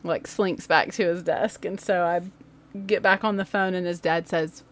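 A woman's voice: fairly low pitch, moderate pace. A woman podcast host and former teacher telling a funny story from her classroom, laughing often. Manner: animated, laughs often, acts out voices. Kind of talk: storytelling monologue. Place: laundry room home studio.

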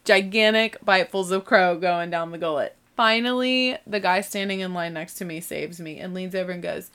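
A woman's voice: fairly low pitch, moderate pace, hardly any pauses, fairly bright tone, clear, resonant tone. A young woman with a mild Southern American accent, telling a funny story casually, full of "like" and "you know". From southern United States. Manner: chatty, lots of "like" and "you know", self-mocking. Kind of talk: casual anecdote.

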